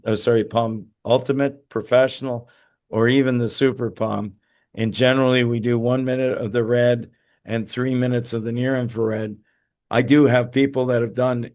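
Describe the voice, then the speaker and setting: A man hosts a webinar over a video call and answers viewer questions. He sounds tired and talks haltingly, with many fillers and restarts. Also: medium pitch. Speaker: host. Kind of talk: webinar talk and Q&A.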